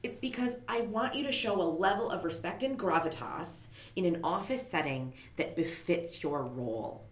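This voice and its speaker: A woman's voice: lowish voice, animated, normal speed. A woman co-hosting a podcast in casual chat, firm and opinionated as she lays down rules. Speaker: podcast co-host. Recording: roomy echo.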